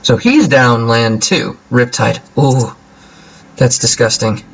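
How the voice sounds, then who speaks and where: A young man casually commentating his own card game as he plays, joking and thinking out loud. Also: medium pitch, animated, slow, slight background noise, low-quality recording. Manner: playful, jokey, talks to himself while playing. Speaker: gameplay commentator.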